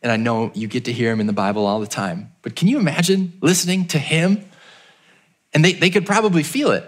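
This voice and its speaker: A man preaching a sermon as pastor, telling the story and acting out the townspeople in a raised voice, then dropping low and quiet for emphasis. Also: fairly even intonation, a little fast.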